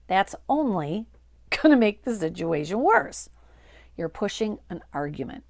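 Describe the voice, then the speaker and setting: A woman's voice: medium pitch, sing-song, moderate pace, dry recording. A woman working as a dementia care coach, giving advice straight to her viewers in an emphatic, coaxing way and repeating phrases for stress. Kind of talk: direct-to-camera advice talk.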